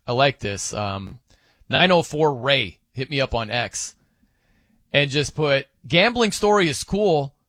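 A male sports radio host with a lively, swooping pitch, chatting in a loose, joking way full of fillers and self-corrections. His voice comes through a studio microphone, dry and close with no room sound. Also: dry recording. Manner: joking, rambling with fillers and restarts. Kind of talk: casual sports radio banter.

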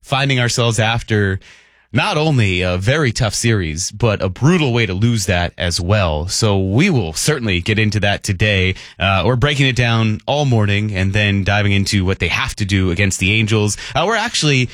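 A man hosting a morning sports radio show, talking quickly and casually and laughing often. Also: on the low side, lively intonation, a bit bright, no echo, studio quality.

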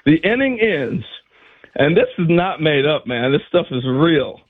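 An older man and former ballplayer telling animated stories on a sports radio show, acting out what others said. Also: fairly high pitch, measured pace, breathy edge, narrow, tinny audio. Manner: animated storyteller acting out quotes. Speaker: former player turned radio analyst.

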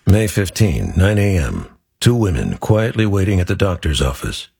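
A man narrating a public service ad in a slow, deadpan voice-over. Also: sits low, vocal fry, music in the background. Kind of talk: scripted voice-over.

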